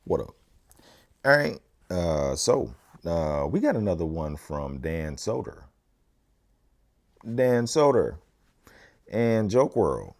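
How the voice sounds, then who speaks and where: A man hosting a reaction video, talking in a relaxed, slangy way. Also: on the low side, slow pace. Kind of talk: casual reaction chat.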